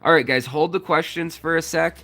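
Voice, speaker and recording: This aquarium channel host is a man with a fairly high pitch and a steady yet sharp tone, talking a little fast. Beside his fish tanks at home, he rambles casually to the camera with lots of fillers and jokes, sounding out of breath.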